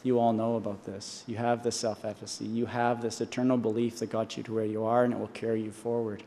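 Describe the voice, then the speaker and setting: A man's voice: lowish voice, little pitch movement, fast talker, warm tone, a little hiss or hum. A man in his forties giving an earnest commencement speech from a podium, often restarting and repeating himself. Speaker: honorary doctorate speaker. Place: large convocation hall. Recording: long hall reverb.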